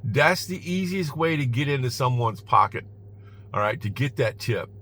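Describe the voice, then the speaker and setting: Guy talking from his car, bright forceful voice, keeps saying all right, chuckles a lot. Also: mid-range voice, expressive, moderate pace. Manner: emphatic, repeats "all right?" often; chuckles between points. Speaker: rideshare driver giving advice. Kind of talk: casual vlog advice.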